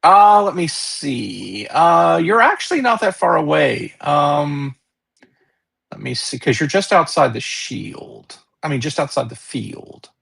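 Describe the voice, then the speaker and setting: Slow, gravelly game master. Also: male voice, a little high, lively intonation, a bit bright. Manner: slow, hesitant, many ums and restarts. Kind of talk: narrating a tabletop game.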